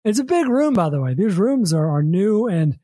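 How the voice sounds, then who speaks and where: An American man, a podcast host, telling a long story in casual chat, rambling and repeating words, acting out quick quotes. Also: high voice, big pitch swings, warm tone, breathy edge, no echo.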